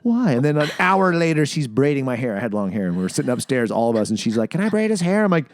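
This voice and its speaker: A man's voice: mid-range voice, fast, dry recording, studio quality. A man co-hosting a podcast who chats casually and tells swearing-laced stories, acting out the voices in them. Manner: animated storytelling, acts out quotes, swears a lot. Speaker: podcast co-host. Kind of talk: casual chat.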